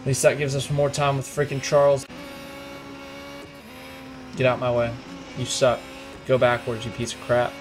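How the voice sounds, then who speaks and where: Young male gamer narrating his play, venting in sharp outbursts over loud game music. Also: medium pitch, monotone. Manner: frustrated, ranting, quick outbursts. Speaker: gaming commentator. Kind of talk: live gameplay commentary.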